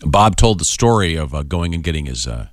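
A man hosting a radio talk show, interviewing guests and reading letters in a halting way with many fillers. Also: extremely low pitch, expressive, no room sound, clean studio sound.

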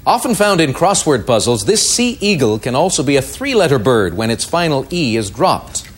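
A man hosting a quiz show, reading out clues crisply and giving brief verdicts. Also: mid-range voice, sing-song, normal speed.

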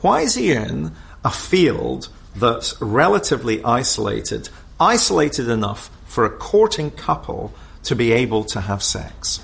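A man speaking as an expert in a documentary interview, measured and analytical, thinking his points through aloud. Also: medium pitch, sing-song, vocal fry, a bit bright.

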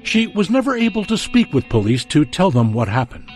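A man narrating a true-crime documentary in a measured, dramatic storytelling manner. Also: on the high side, very animated, soft background music.

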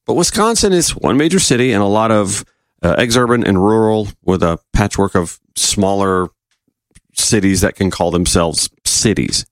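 A man's voice: fairly low pitch, animated, normal speed, no room sound. A man speaking in a casual, opinionated political commentary monologue, firing off rhetorical questions.

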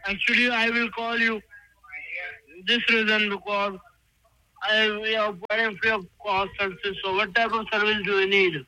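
A man making a sales phone call as a telemarketer, with halting, repetitive scripted phrasing. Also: high-pitched, level tone, pushed and bright, dry recording.

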